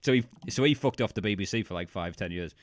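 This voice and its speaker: A man in casual podcast chat, speaking in a fairly low voice with a dry, close sound. He is blunt, swears freely and laughs along. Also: expressive, fast talker, no room sound. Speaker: podcast co-host.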